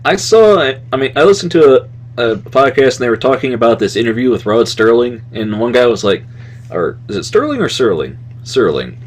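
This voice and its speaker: A man's voice: medium pitch, very animated, a little fast. A man co-hosting a podcast in casual chat, rambling from one thought to the next, chuckling and trailing off with "anyway". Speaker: podcast co-host.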